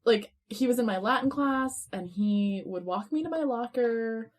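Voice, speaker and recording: A woman guest on a podcast, chatting casually and telling animated stories with frequent laughter. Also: fairly high pitch, measured pace. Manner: animated storyteller, laughs often.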